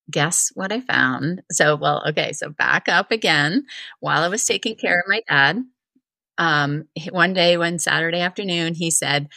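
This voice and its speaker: A middle-aged woman from Vermont, a wellness coach telling a personal story in a chatty interview, full of "like" and animated retellings. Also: deep voice, unhurried, creaky, no echo. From Vermont, USA. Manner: chatty, heavy use of filler "like", animated retelling.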